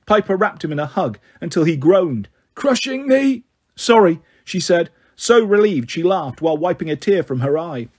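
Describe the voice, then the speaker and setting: Husky high-voiced male storyteller. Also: expressive, moderate pace, hardly any pauses, a little mellow. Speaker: audiobook reader. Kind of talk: storybook narration.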